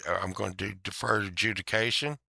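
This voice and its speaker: A man quoting a laid-back male judge in a low, offhand voice. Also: fairly even intonation, brisk, vocal fry, sharp tone, slightly rough, dry recording, full character voice. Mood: wry.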